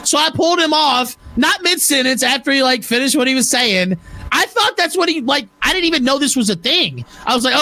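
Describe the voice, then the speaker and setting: A man hosting a livestream show, ranting angrily with heavy profanity and shouting at times. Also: very high-pitched, sing-song, a little fast, dry recording. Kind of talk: heated livestream rant.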